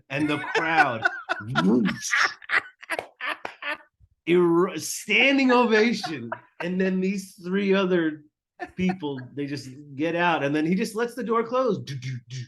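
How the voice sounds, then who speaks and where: A middle-aged man hosting a casual chat, telling an animated story and acting out the people in it. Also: sits high, takes it slowly, long pauses, a little hiss or hum. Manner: animated storyteller, acts out quotes. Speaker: host.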